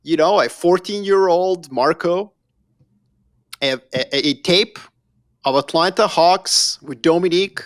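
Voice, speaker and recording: His voice sits high and his pace is unhurried as this man from Yugoslavia, a podcast guest, spins animated, emphatic stories. The talk is casual, and he occasionally speaks directly to whoever's listening.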